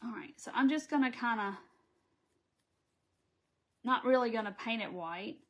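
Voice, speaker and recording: Southern American woman, slightly high voice, casual live craft-tutorial host who chats and reads comments aloud. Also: a little slow, fairly bright tone. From Southern United States.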